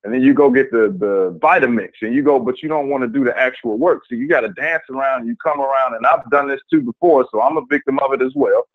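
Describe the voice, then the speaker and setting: Man, mid pitch, blunt and emphatic, dry phone-like sound. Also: quick pace, hardly any pauses, dry recording. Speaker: discussion participant. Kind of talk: casual group discussion.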